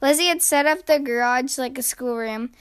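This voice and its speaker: A woman reading a children's picture book aloud in a slow, gentle, expressive way. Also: high-pitched, smooth. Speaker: storyteller.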